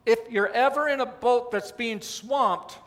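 A man preaching a sermon, his voice high and bright. He speaks slowly, with wry asides and long dramatic pauses. The sound carries a long reverb from a large sanctuary. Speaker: pastor.

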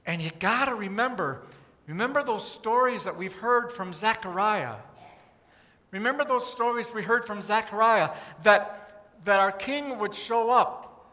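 A pastor telling a story in a sermon, animated and acting out the crowd's cries. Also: male voice, sits high, a little slow. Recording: long hall reverb.

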